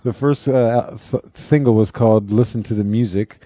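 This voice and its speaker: A man in his forties co-hosting a casual show, joking around in a deadpan way. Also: on the low side, moderate pace, no echo. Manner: jokey, deadpan, making things up. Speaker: radio show co-host. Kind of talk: casual banter.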